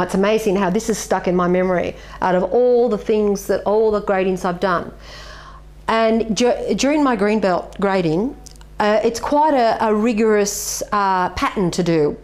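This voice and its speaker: Woman, middle-aged martial arts master, interviewee, earnest and animated, mid-range voice. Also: mid-range voice. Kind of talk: reflective interview answers.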